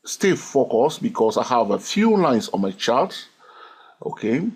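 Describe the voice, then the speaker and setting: Male trading instructor, husky voice, bouncy pitch, walks through a chart and keeps asking "okay?". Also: big pitch swings, measured pace. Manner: checks in constantly with "okay?" and "yes or no?"; repetitive, counting waves aloud. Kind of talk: chart walkthrough lesson.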